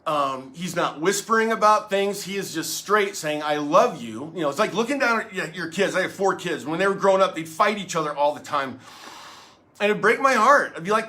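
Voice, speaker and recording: A middle-aged man, a pastor hosting his own show, giving a casual devotional talk straight to the viewer in a chatty, folksy, animated way. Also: high-pitched, fairly quick.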